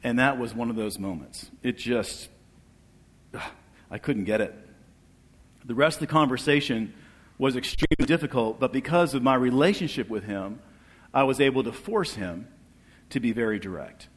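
A man's voice: moderate pace, pauses often, husky. Earnest man giving testimony in a hall. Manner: earnest, calls for amens, voice drops low and soft at emotional moments. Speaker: guest speaker sharing testimony. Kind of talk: church testimony. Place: church hall. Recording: long reverb of a large hall.

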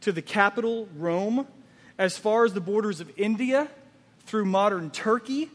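A man's voice: sits high, a little slow, long reverb tail. A man preaching a sermon as pastor, emphatic and full of rhetorical questions.

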